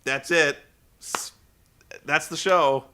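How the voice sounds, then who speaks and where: A man casually recapping a wrestling show, rambling and profane, telling the story with animated energy. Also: a little high, takes it slowly, a little hiss or hum.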